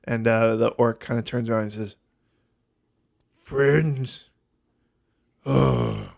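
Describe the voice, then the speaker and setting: A man's voice: fairly low pitch, completely flat delivery, a little fast. A man narrating a tabletop game as game master, hesitant with many fillers.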